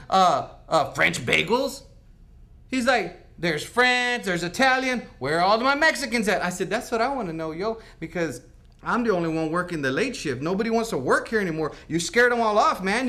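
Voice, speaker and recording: Guy doing a slangy night-shift janitor, rambling, bright punchy voice. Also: sits high, full character voice. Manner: rambling slangy talk, lots of "like" and "right?". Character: laid-back slangy young male night-shift janitor. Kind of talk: comic mock-news interview.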